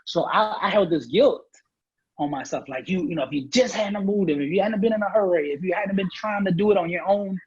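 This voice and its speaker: A man with a husky, breathy voice sitting slightly high for a man tells his own story on a podcast, earnest and emphatic. The sound is a little muffled and lo-fi. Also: a little fast, a little mellow. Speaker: guest speaker. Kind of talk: personal story in a podcast interview.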